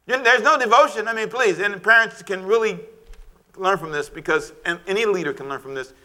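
A middle-aged male pastor preaches a sermon, animated and at times shouting, calling for amens from the congregation. His voice sits high and moves a little fast.

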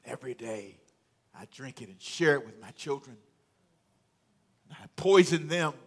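A man's voice: mid-range voice, lively intonation, moderate pace, fairly bright tone, slightly rough. A man preacher voicing a bitter, wounded adult who keeps blaming someone and repeating the same complaint. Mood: bitter, accusing. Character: bitter wounded adult nursing an old grudge.

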